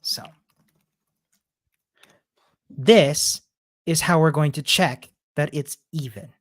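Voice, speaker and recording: A woman's voice: deep voice, no echo, studio quality. A woman patiently explaining code step by step in a live lesson. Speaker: coding instructor.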